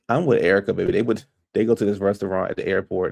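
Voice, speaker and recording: A man casually recapping a reality TV episode for his viewers, chatty and opinionated, quick to pass judgment on the cast. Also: fairly low pitch, steady tone, gravelly, a little mellow. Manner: chatty, gossipy, opinionated, addresses viewers as y'all.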